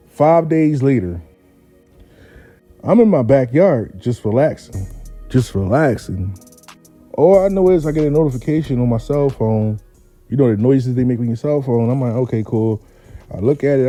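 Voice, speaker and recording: Dark-voiced man telling a story. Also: medium pitch, no room sound. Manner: profane, animated, laid-back. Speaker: storyteller host. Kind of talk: comic personal anecdote.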